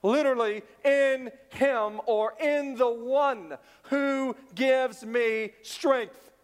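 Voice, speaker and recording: A male pastor preaching a sermon, swinging from loud emphasis down to hushed near-whispers. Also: extremely high pitch, extremely slow, smooth. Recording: long reverb of a large hall.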